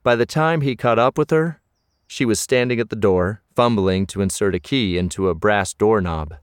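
Male audiobook narrator, fairly low voice, close dry read. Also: smooth, no room sound. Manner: measured storytelling.

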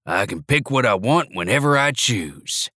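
A man's voice: mid-range voice, expressive, normal speed, sharp tone, dry recording, clean studio sound. A man reading an audiobook, voicing a proud, cheerful elderly grandfather who boasts with delight. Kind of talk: audiobook character voice.

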